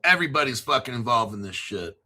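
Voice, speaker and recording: Man, crypto livestream host, casual rambling chat, swears a lot, rattles off lists, piercingly bright tone. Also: mid-range voice, big pitch swings, fast, soft background music. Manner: rambling, profane, reads off long lists.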